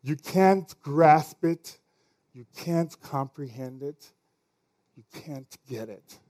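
A man preaching a sermon in a conversational way, full of fillers, swinging between loud lines and hushed ones. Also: on the high side, takes it slowly.

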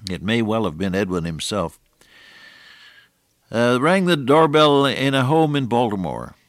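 An older man preaching a sermon, moving between hushed storytelling and raised, emphatic exhortation with slow, deliberate phrasing. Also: medium pitch, sing-song, dry recording, studio quality.

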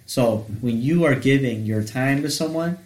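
A man's voice: mid-range voice, moderate pace. Male co-host, sincere and reflective, roomy echo on the voice. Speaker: podcast co-host. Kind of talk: casual faith-based chat.

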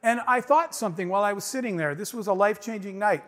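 Talking fast in a high, slightly bright voice, a middle-aged man delivers an inspirational stage talk, telling his story with emphasis and often turning to the crowd. Long reverb, like that of a big hall, trails each line.

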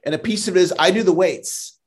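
A man's voice: high voice, fairly quick. A man speaking as a sales trainer in a podcast interview, earnest and motivational, often repeating a word as he starts a thought.

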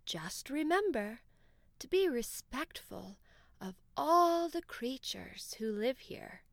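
A calm, kindly old owl, as a woman puts it on in a children's storybook. It speaks slowly in a soft, hushed voice. The sound is close and dry. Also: sits high, creaky, no room sound, heavily acted. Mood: wise. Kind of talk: storybook character voice.

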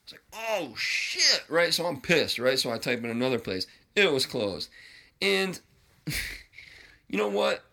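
A middle-aged man talking casually to his viewers, animated and swearing freely, repeating phrases for emphasis. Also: mid-range voice, normal speed, creaky, long pauses. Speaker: vlogger sharing his recovery journey. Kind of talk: casual talk to camera.

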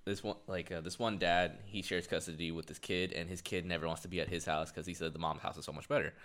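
A man co-hosting a casual podcast, swearing freely and retelling a story with animated quoted lines. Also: sits low, quick pace. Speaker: podcast co-host. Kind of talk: casual chat.

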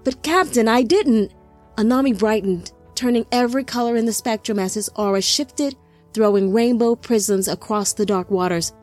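Woman narrating an audiobook slowly. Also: mid-range voice, a little mellow, faint music behind. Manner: slow, deliberate reading. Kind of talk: scripted narration.

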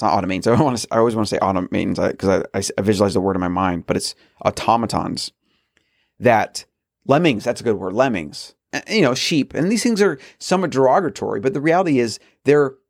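A man's voice: mid-range voice, no echo, clean studio sound. A man hosting a solo podcast, talking earnestly in a rambling way with frequent restarts. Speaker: podcast host.

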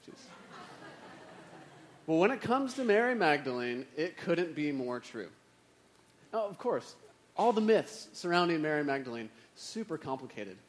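A man's voice: a little high, very animated, a little slow, long pauses. A man preaching in a conversational way, with wry, self-mocking asides. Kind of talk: sermon.

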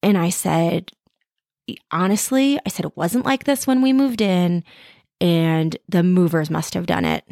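Woman, thirties, podcast host, candid self-mocking storytelling, fairly low voice, dry close sound. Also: unhurried, gravelly, a little mellow, dry recording. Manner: frank, self-deprecating, swears freely. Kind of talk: candid personal storytelling monologue.

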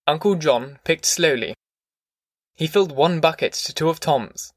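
A man's voice: fairly high pitch, measured pace, no room sound. Man reading an audiobook, dry sound. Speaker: audiobook narrator. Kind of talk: scripted narration.

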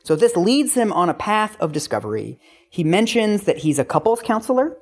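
Wry male podcast host, lively intonation. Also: sits high, moderate pace. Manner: wry, critical, explanatory. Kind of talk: casual chat and reading quotes aloud.

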